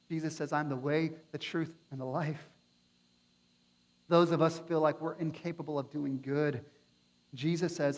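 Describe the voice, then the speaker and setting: A male pastor preaching a sermon with passion, building to near-shouts at his high points. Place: church sanctuary. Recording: long hall reverb.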